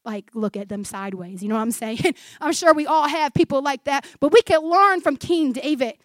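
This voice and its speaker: A woman in her forties preaching a sermon in an animated way, acting out the voices from scripture and laughing often. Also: sits high, normal speed, dry recording.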